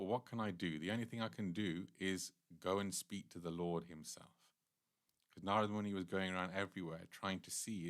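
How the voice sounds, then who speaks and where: A man with a very low, deep voice leads a devotional class. He retells a scripture story earnestly, and breaks off and restarts sentences as he explains. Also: fairly bright tone. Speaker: temple speaker.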